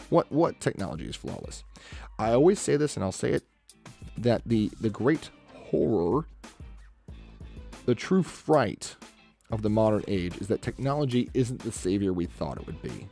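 A man's voice: fairly low pitch, big pitch swings, moderate pace, creaky, dark tone, faint music behind. A man chatting casually with his stream chat while he draws, rambling and muttering to himself as he works. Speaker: artist livestreaming a drawing session.

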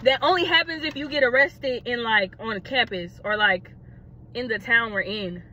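Brief: young woman, high and bright voice, dramatic, animated storytime delivery. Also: normal speed, a little hiss or hum. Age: young adult. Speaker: vlogger. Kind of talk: casual storytime.

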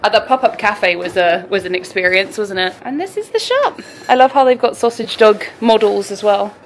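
A woman's voice: mid-range voice, animated, normal speed, slight background noise. A young woman chatting to camera in a casual vlog, bubbly, breaking into a sing-song voice for her dogs. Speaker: vlogger.

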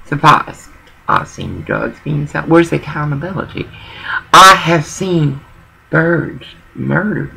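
A woman's voice: low-pitched, expressive, takes it slowly, gravelly, sharp tone, breathy edge, rough recording. A woman talking in a rambling personal monologue, emotional and digressive, often repeating herself.

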